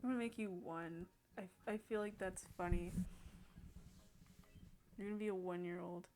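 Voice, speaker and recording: A woman's voice: on the low side, normal speed, darkish tone. A woman giving casual gameplay commentary, thinking aloud and hesitating as she sets up a character. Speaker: gaming video creator.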